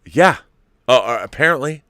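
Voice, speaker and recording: Fifties guy hosting a podcast, tells stories in an animated way, swears a lot, dry close sound. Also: medium pitch, normal speed, dry recording. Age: 50s. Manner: animated, profane storyteller. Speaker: show host. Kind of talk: casual podcast chat.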